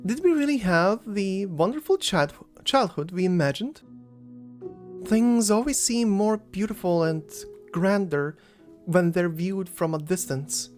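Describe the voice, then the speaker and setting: A man's voice: high-pitched, measured pace, a little mellow, soft background music, voice pushed up. A man doing a shy, wistful young woman.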